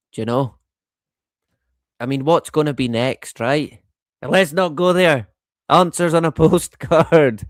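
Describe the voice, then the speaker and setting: A man's voice: on the high side, no echo. A middle-aged man hosting a live stream in casual chat, rambling, swearing freely and chuckling often. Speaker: livestream host.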